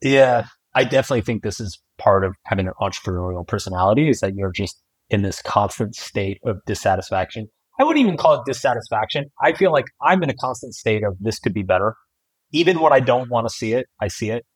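A man's voice: mid-range voice, animated, fast, breathy edge, dry recording, rough recording. Candid, laughing man in his forties. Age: 40s. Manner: candid, reflective, laughs often. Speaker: guest author. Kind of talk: casual podcast conversation.

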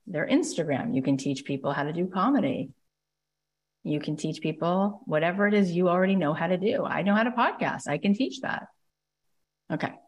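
A middle-aged American woman hosting a live podcast talk, speaking with emphatic, excitable energy and acting out quoted dialogue. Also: low voice, husky. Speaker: podcast host and business coach.

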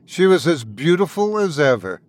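A man narrating a dark fairy tale in an expressive, dramatic storytelling manner. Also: a little high, normal speed. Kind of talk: scripted horror story narration.

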